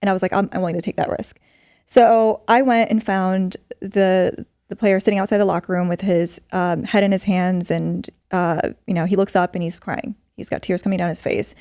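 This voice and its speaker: A woman's voice: on the low side, steady tone, normal speed, hardly any pauses, dark tone, dry recording, studio quality. A middle-aged woman, a podcast guest, telling a story earnestly in conversation with many fillers. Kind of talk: storytelling in an interview.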